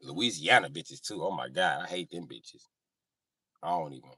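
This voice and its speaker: A man's voice: a bass voice, moderate pace, husky, dry recording, clean studio sound, far from the mic. A man hosting a livestream, ranting casually and joking with lots of swearing. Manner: animated, joking, swings loud and quiet. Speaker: livestream host. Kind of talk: casual profane comedic rant.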